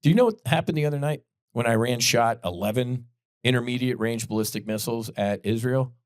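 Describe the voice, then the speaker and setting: A man's voice: mid-range voice, brisk, dry recording, studio quality. A man hosting a podcast, delivering blunt, heated political commentary full of profanity. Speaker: podcast host.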